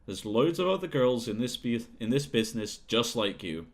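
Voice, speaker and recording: A man's voice: medium pitch, very animated, moderate pace, voice pushed down. A man voicing a manipulative, bullying male talent manager who talks down to a young singer, in a video game playthrough. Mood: sneering. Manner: condescending, bullying, sneering.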